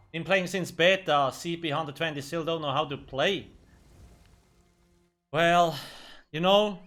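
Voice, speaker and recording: Blunt, bright-voiced male game streamer. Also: a little high. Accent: German. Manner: blunt, profane, joking. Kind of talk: casual live-stream commentary.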